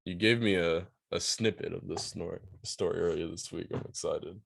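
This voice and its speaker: A man's voice: low-pitched, steady tone, normal speed, vocal fry. A man co-hosting a podcast, reacting with short interjections in casual chat. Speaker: podcast co-host. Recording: loud background noise.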